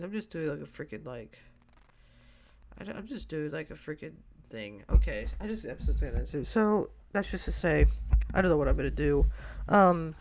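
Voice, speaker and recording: A tired young man hosting a solo podcast, rambling and hesitant with lots of fillers and restarts, yawning now and then. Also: a little high. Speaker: podcast host.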